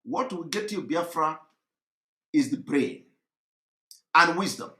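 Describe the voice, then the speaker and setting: A man delivering an impassioned, mocking monologue, often shouting and repeating himself. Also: a little high, lively intonation, slow pace, reverberant. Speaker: commentator.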